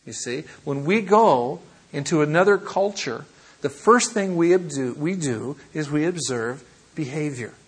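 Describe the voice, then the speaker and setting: Husky, animated American man lecturing. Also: a little high, a little slow. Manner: animated, playful teacher acting out examples. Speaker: missions lecturer. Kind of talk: classroom lecture. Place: classroom.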